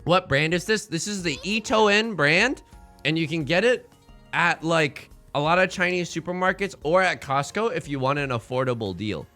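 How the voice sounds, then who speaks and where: A man streaming a mahjong game, chatting casually with his chat in a jokey, animated way with mock-heated rants. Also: a little high, normal speed, soft background music. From born outside the United States. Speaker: Twitch streamer playing mahjong.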